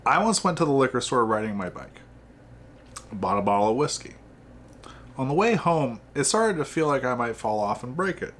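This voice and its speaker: Male host, deadpan joke teller, mid-pitched voice, dry casual delivery. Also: moderate pace, a little hiss or hum. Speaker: podcast host telling jokes.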